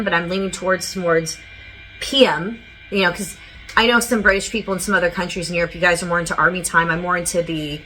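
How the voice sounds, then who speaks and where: A woman's voice: fairly low pitch, bright, forceful tone, poor audio. A woman giving a casual psychic channeling reading to her viewers, chatty and rambling with lots of filler words and side notes.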